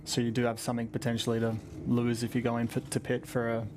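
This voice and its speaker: A man's voice: medium pitch, completely flat delivery, quick pace, background noise. An Australian man in his twenties, a racing driver answering press conference questions in a chatty, rambling way with lots of laughter.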